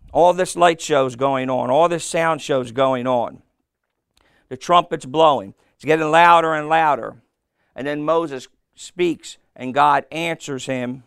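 A man's voice: fairly high pitch, vocal fry, a bit bright, clear, resonant tone, dry recording, studio quality. A man preaching a sermon, asking his congregation questions and answering them himself. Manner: slow, call-and-response questions to the congregation.

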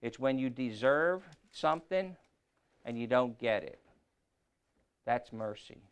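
A middle-aged man preaching a sermon, shifting from quiet talk to loud scripture reading. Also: mid-range voice, lively intonation, takes it slowly, smooth.

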